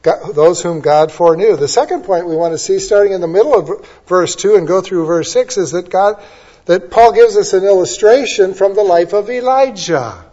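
A male preacher delivers a sermon with animated, emphatic storytelling. His voice sits fairly high, and the recording sounds dull and lo-fi. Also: normal speed.

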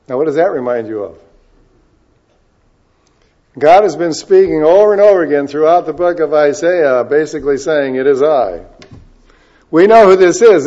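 A male preacher giving a sermon, moving between loud emphasis and quiet asides and stretching key words out slowly. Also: fairly high pitch. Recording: dull lo-fi recording.

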